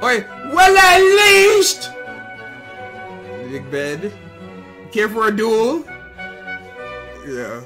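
A loud, theatrical mock British gentleman, as a man puts him on with an exaggerated imitated British accent. He barks out his lines in a raised, shouty voice. Music plays faintly behind him. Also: high voice, wildly swooping pitch, very slow, long pauses, pitched above the performer's own voice, exaggerated voice. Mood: mocking, boisterous.

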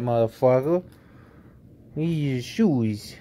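Indoors at home, a man with a slow, mid-range, slightly mellow and rough voice films his pet on a phone. He teases it in a playful singsong, swearing casually in profane baby-talk.

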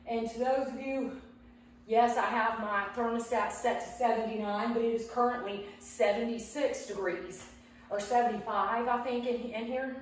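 A woman's voice: on the high side, steady tone, moderate pace, a little hiss or hum. A woman chatting casually while she leads a home workout, out of breath as she exercises. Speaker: fitness vlogger. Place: home room. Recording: very echoey room from far off.

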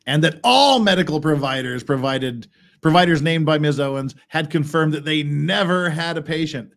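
A man's voice: fairly high pitch, normal speed. A man co-hosting a podcast, reading court filings aloud and riffing on them with wry sarcasm. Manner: wry, reads legal text aloud then riffs sarcastically. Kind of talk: casual legal commentary.

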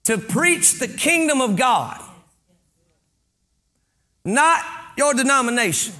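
A man preaching a sermon as pastor. He reads scripture aloud, stops to explain it, and builds to fervent shouts on key points. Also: extremely high pitch, animated, slow pace.

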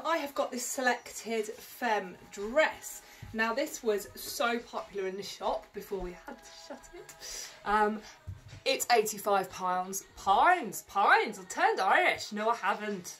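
A woman's voice: a little high, sharp tone. A woman who runs a clothes shop, chatting through a dress try-on in a rambling, self-mocking way with lots of ums. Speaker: boutique owner. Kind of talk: casual fashion try-on vlog.

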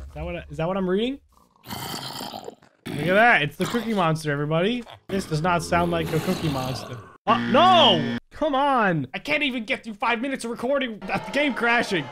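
A young man giving excitable gameplay commentary, laughing often and yelling at the mobs. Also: high-pitched, noisy background. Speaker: gaming YouTuber.

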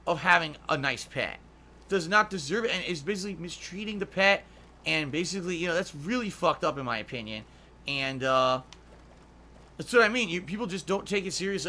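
A man's voice: high voice, expressive, brisk, bright, forceful tone. A man chatting casually while streaming a game, swearing often and ranting in heated, emphatic bursts. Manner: profane, ranting. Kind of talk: casual gameplay chat.

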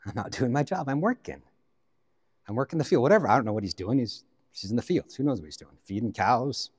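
With a big-room sound around him, a medium-pitched male guest pastor from the Pacific Northwest delivers his sermon. He tells it like a lively story and slips in jokes along the way.

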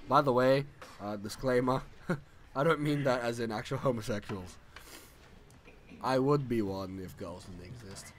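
A man's voice: mid-range voice, a little hiss or hum. A young man in his late teens, a little drunk, rambling and giggling as he plays a game and loses his train of thought. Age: young adult. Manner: rambling, giggly, swears a lot. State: tipsy from drinking. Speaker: let's play commentator. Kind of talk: casual gaming commentary.

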